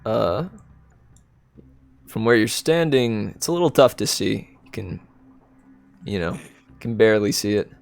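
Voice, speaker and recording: A man narrating a tabletop game as game master, relaxed and hesitant with many fillers. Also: lowish voice, moderate pace, gravelly, smooth, soft background music.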